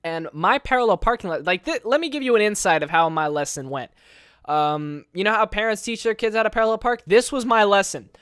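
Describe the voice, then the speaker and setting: Rambling, cussing teen gaming commentator. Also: male voice, high-pitched, fairly quick, clean tone, no echo, studio quality. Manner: animated, rambling, swears often; keeps asking "you know what I'm saying". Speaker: gameplay commentator. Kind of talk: casual storytelling over gameplay.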